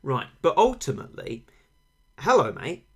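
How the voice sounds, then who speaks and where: Fairly high-pitched with a breathy edge and big pitch swings, he chats at normal speed with his stream audience. Rambling, wry and self-deprecating, he's caught close on a failing, tilted desk microphone while game sound plays faintly.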